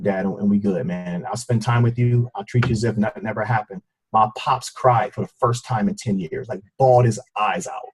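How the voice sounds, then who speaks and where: Husky-voiced man giving an emotional motivational talk. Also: mid-range voice, a little mellow, low-quality recording. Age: adult with a child. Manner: emotional, preacher-like, addresses listeners as y'all. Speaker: fitness coach. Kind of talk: motivational team call talk.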